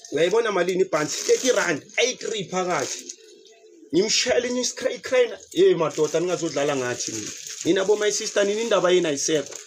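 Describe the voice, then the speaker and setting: A South African man giving casual, animated commentary, switching between languages with loud outbursts. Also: high-pitched, a little hiss or hum.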